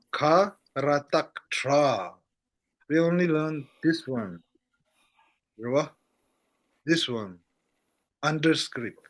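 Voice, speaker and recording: A man teaching an online language lesson, patient and repetitive, often checking whether students follow. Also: fairly high pitch. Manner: slow, patient, repeats checks like "how goes, no?". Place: online class over a shaky internet connection.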